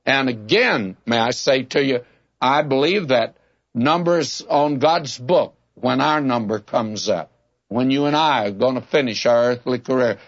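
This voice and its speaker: A man's voice: medium pitch, animated, measured pace, muffled recording. A man teaching a Bible sermon in a folksy, plainspoken way, calling his listeners friends and telling homespun stories. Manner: folksy, tells homespun anecdotes.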